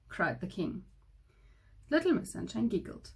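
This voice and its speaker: A woman teacher reading a children's story aloud, slowly and carefully. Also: on the low side, gravelly, a little mellow, husky. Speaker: school teacher.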